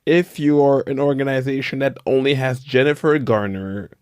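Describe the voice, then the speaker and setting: A man's voice: mid-range voice, steady tone, moderate pace, a little mellow, clean tone, no echo, clean studio sound. A man co-hosting a podcast, running a quiz in a playful mock-grand tone, then chatting casually. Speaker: podcast co-host. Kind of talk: casual chat. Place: Paris.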